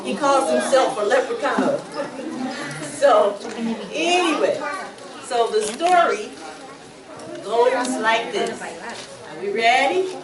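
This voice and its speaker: An animated woman tells a children's story, pausing to have her listeners call out answers. Her voice sits high and carries through an echoey room from a distance. A young crowd chimes in behind her. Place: library room with an audience. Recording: echoey room recorded from far off. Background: audience of children responding.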